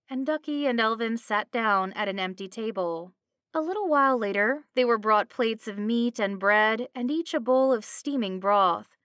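A woman narrates a fantasy tale in an even, clear storytelling manner. Her voice sits at a middle pitch. The recording is close and dry. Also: no room sound.

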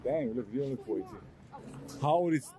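A man's voice: mid-range voice, lively intonation, normal speed, crowd noise. A young man, bantering and teasing strangers on a busy in casual vlog style.

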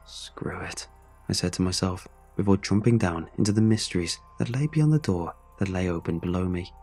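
A man's voice: on the low side, a little mellow, slightly rough. A man narrating a first-person horror story in a dramatic, scripted reading. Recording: faint music behind the voice.

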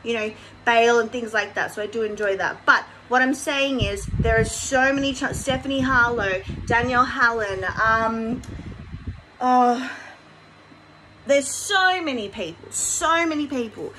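Bright-voiced woman rambling commentary. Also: a little high, fairly even intonation, unhurried, slight background noise, rough recording. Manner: rambling, with many fillers and restarts. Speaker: commentary channel host. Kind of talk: casual commentary vlog.

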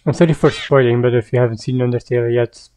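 Low-voiced woman rambling through a game. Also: steady tone, quick pace. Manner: chatty, rambling, lots of fillers. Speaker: gaming youtuber. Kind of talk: casual game commentary. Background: game music.

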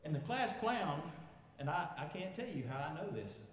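Preacher, 50s, lively storytelling voice with lots of ups and downs, echoing through a big church. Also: male voice, on the high side, normal speed. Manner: storytelling, chuckling, asking the congregation. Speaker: pastor. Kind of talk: sermon. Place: large echoey church sanctuary. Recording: echoey church hall with long reverb.

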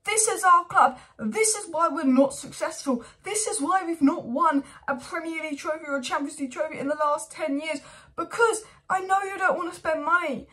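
A young woman with a fairly high voice delivers an exasperated fan rant for her football channel. She fires off rhetorical question after rhetorical question and sounds thoroughly fed up. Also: fairly quick, a bit bright. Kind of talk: opinionated fan commentary vlog.

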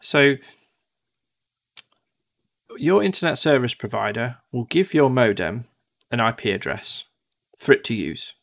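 Gravelly-voiced man tutoring casually. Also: medium pitch, big pitch swings, measured pace, pauses often, fairly bright tone. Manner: chatty, acts out devices in silly voices. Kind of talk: casual one-to-one teaching.

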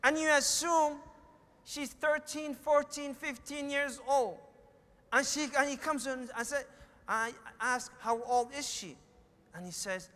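Preaching in an echoey hall, a middle-aged Somali-accented man recounts a family story and plays out its dialogue. His voice is high-pitched, pushed, and bright, at a moderate pace.

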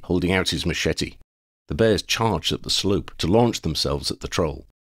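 A man reading a fan fiction chapter aloud as an audiobook narrator, with expressive storytelling. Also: sits low, no room sound, clean studio sound.

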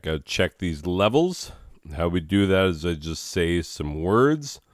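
A man hosting his own channel in a rambling comedic monologue, deadpan, self-mocking and wandering off topic. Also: low-pitched, slow pace, no echo, studio quality. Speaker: channel host.

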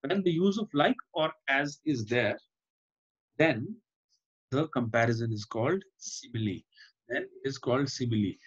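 A man's voice: mid-range voice, lively intonation, normal speed, breathy edge. Man, Indian English accent, teacher, online class, dull lo-fi audio, keeps checking with "Fine?". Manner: explains by repetition, often asks "Fine?".

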